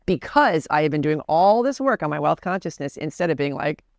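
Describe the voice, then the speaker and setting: Female guest, gravelly texture, earnest storyteller, dry close recording. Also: deep voice, very animated, brisk, no echo. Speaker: podcast guest. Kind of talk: candid personal storytelling.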